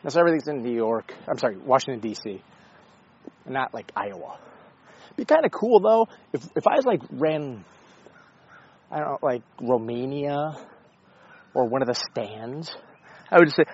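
A man's voice: medium pitch, animated, normal speed, long pauses, husky, lo-fi sound. A man talking casually in a rambling, sarcastic way, with frequent swearing and self-interruptions. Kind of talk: casual opinion monologue.

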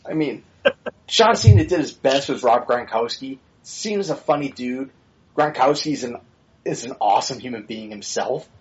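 A man's voice: mid-range voice, lively intonation, moderate pace, highs cut off. A man co-hosting a podcast in casual, opinionated chat, blunt and swearing freely with rambling asides. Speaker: podcast co-host.

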